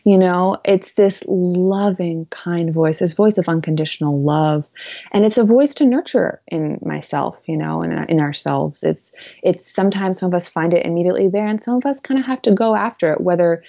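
A woman's voice: on the low side, normal speed, creaky, dark tone, no echo, dull audio. A woman speaking as an interview guest, earnest and reflective, with many fillers. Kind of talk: conversational interview.

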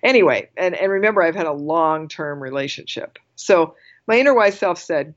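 A woman guest telling a personal story in casual conversation, animated and quick to laugh, often restarting her sentences. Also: deep voice, muffled recording.

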